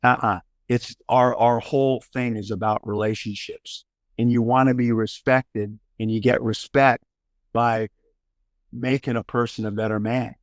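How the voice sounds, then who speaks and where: An older man from California, a basketball coach, answering an interview question in a thoughtful, halting way with many fillers. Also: medium pitch, steady tone, dry recording, studio quality.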